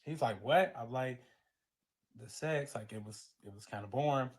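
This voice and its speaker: A man's voice: medium pitch, moderate pace, slightly rough. A man with a Southern US accent telling a painful personal story in dramatic fashion, acting out the people in it and crying as he goes. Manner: dramatic retelling with quoted voices, grows tearful.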